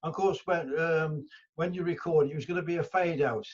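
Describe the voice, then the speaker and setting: A man's voice: fairly high pitch, fairly even intonation, normal speed, husky. Rambling older man. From England. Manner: rambling, many restarts and fillers. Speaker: guest musician. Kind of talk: casual interview storytelling. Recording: dull lo-fi audio.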